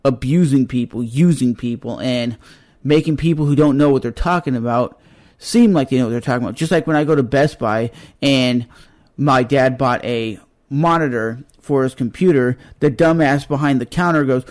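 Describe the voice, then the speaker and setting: A man's voice: medium pitch, moderate pace. A man vlogging a blunt, exasperated rant straight to the camera, swearing freely. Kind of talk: ranting monologue to camera.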